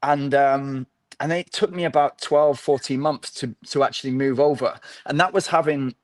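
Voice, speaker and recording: A man's voice: mid-range voice, steady tone, moderate pace, no room sound. Man, dry close sound. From North of England. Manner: rambling, with many restarts and fillers. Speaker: podcast guest, ultra runner. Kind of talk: casual interview chat.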